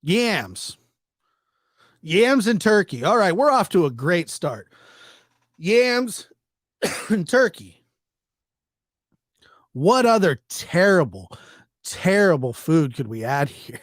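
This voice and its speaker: Guy doing a funny story bit, high voice, swings all over, dry sound. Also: takes it slowly, pauses often, dry recording. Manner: animated, acts out characters with jumps in pitch. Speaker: stand-up comedian. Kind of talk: comedic storytelling monologue.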